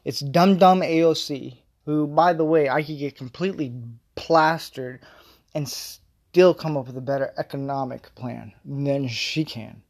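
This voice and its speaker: Talk it out like a man with a fairly high voice ranting off the cuff, rambling with lots of filler words, blunt and swearing freely. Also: measured pace, darkish tone. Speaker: vlogger giving political commentary. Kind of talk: casual opinion rant.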